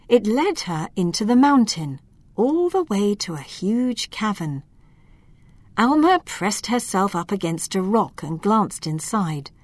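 A woman reading a children's fantasy story aloud in calm, measured narration. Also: medium pitch, no room sound. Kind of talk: scripted narration.

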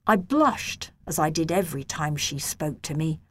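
A woman reading a children's novel aloud in a gentle, measured first-person storytelling voice. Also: low-pitched, expressive. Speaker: audiobook narrator.

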